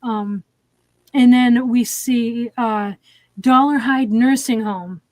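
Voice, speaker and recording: A woman's voice: fairly high pitch, slow, a little mellow, no room sound. A woman hosting a casual movie review chat, recapping scenes with lots of "um"s. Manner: retelling scenes with many fillers. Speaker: podcast host.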